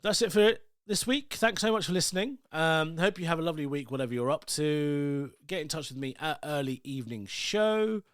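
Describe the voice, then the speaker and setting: A man's voice: on the high side, lively intonation, normal speed, hardly any pauses, clear, resonant tone, no echo, studio quality. A man, hosting his own podcast as a loose, rambling solo monologue full of asides. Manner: rambling, chatty, many asides and "like"s. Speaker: podcast host.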